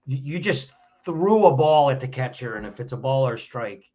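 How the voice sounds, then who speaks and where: A man's voice: mid-range voice, expressive, normal speed, a little mellow, dull audio. A man speaking as a podcast guest, giving conversational advice in a plainspoken way and often restarting his phrases. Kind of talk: conversational advice on handling anger.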